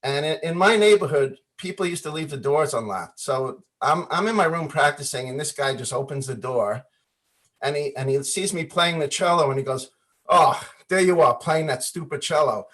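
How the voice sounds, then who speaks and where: Animated storytelling man on a video call. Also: a little high, moderate pace. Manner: animated storyteller, acts out quoted voices, laughs often. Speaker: guest musician.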